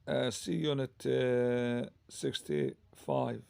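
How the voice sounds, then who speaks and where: A man with an Arabic accent teaching English grammar, speaking slowly and hesitantly with many fillers and self-corrections. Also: mid-range voice, sing-song, vocal fry, a little mellow, a little hiss or hum. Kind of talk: grammar lesson.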